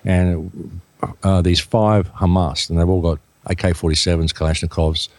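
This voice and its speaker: A man's voice: deep voice, normal speed, no room sound. An Australian man telling a story as a radio guest, acting out what people said. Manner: animated storyteller acting out quotes.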